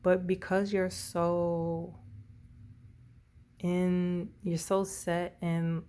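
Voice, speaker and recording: A woman's voice: fairly low pitch, level tone, extremely slow, warm tone. A woman doing a casual tarot reading, rambling and often correcting herself. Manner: rambling, self-correcting, tongue-tied. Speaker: tarot reader.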